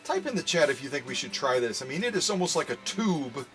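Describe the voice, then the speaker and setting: A man's voice: medium pitch, sing-song, quick pace, fairly bright tone, faint music behind. A man hosting a live premiere sewing demo, talking playfully to viewers as folks. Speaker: sewing machine restorer.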